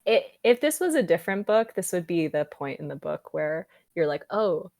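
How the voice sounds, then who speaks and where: Speaking briskly in a low, creaky voice, a young podcast co-host animatedly recounts scenes from a book during a casual discussion, using many fillers. The recording is dry and clean, with studio sound.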